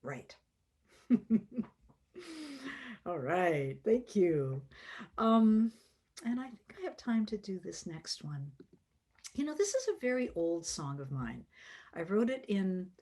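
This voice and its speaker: A middle-aged woman song leader on a video call, reading a poem and teaching a song in a slow, gentle, reflective way. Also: fairly low pitch, big pitch swings.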